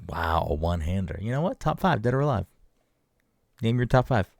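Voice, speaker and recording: A laid-back man co-hosting a podcast, with a very low voice. He rambles through chat and swears casually. The sound is dry and close on the mic. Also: big pitch swings, a little fast, creaky, no echo. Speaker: podcast co-host.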